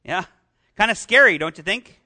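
High, bright-voiced male pastor preaching. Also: animated, normal speed. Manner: conversational, asks the congregation questions. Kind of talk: sermon.

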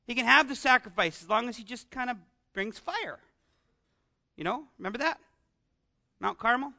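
A man preaching a conversational sermon into an amplified microphone, animated and often asking his congregation rhetorical questions. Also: extremely high pitch, moderate pace, vocal fry. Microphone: amplified microphone with some feedback.

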